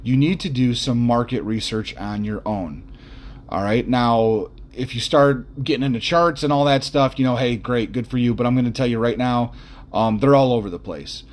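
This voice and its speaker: A man's voice: medium pitch, moderate pace. A man hosting an unscripted podcast who rambles bluntly, with lots of fillers and restarts, and throws in mild profanity and jokes. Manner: mildly profane, jokey asides. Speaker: podcast host.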